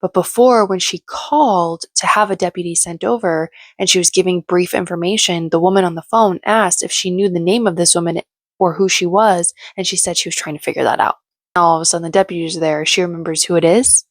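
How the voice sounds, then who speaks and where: A woman's voice: fairly low pitch, steady tone, fairly quick, dry recording. A woman giving casual, sarcastic, opinionated commentary as she recaps a reality show.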